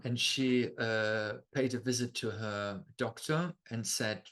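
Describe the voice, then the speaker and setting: A man with German as his first language presents a talk over slides in a chatty, unhurried way. He takes his time, speaks at an ordinary middle pitch, and keeps checking in with the listener through tag questions and small fillers. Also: fairly even intonation, fairly bright tone. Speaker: astrology lecturer.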